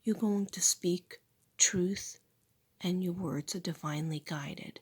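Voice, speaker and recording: A spiritual teacher who hosts a channel, this middle-aged woman is losing her voice, so it comes out as a breathy, husky half-whisper with a slightly low tone. Her casual talk is slow and gentle, and she softly repeats affirmations without hurrying.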